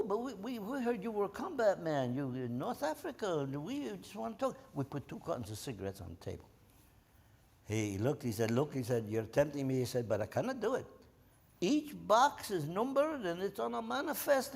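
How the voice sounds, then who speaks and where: A man's voice: mid-range voice, creaky, slightly rough. An older man, a war veteran, telling his stories in an oral history interview, acting out the voices of the people in them and often restarting his sentences. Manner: animated, acts out voices in anecdotes; frequent repeated starts. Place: presidential library, indoors. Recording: reverberant hall.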